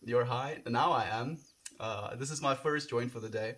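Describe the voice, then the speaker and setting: A man's voice: mid-range voice, moderate pace, a bit bright. Gushing man streaming live. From South Africa. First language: Afrikaans. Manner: gushing, heartfelt, reads chat comments aloud. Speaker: livestreamer. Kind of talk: casual live-stream chat. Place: outdoors, windy.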